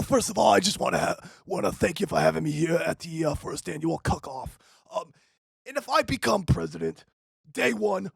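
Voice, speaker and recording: A man playing an elderly, blunt presidential candidate in a debate parody, with a gravelly, raspy voice, stumbling at first and then slowly listing promises. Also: sits high, no echo, clean studio sound, exaggerated voice. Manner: halting start, then slow listing of promises.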